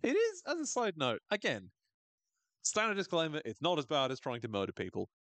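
A man hosting a podcast, recapping a TV episode in casual, animated talk, swearing and laughing often. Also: a little high, fairly quick, no echo. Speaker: podcast host.

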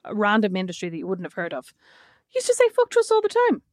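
A woman co-hosting a podcast in casual chat, telling animated stories and swearing freely. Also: medium pitch, quick pace, no echo, studio quality. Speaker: podcast co-host.

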